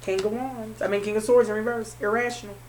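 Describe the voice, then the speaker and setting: A woman's voice: medium pitch, fairly even intonation, fast talker, darkish tone, a little hiss or hum. A woman doing a tarot card reading for her viewers, calling the listener honey and repeating her phrases. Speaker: tarot reader.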